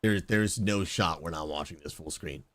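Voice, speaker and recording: A man talking casually to his live stream chat as a game streamer, animated and chummy. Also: low voice, moderate pace, no echo. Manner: animated, talks straight to chat, says "dude" and "bro".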